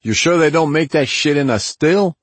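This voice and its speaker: A brash investigator who cracks jokes in a loud, teasing way, as a narrator puts him on, pitched up from a husky low voice. The sound is dry and close. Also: male voice, normal speed, no room sound, natural voice. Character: wisecracking, brash male investigator.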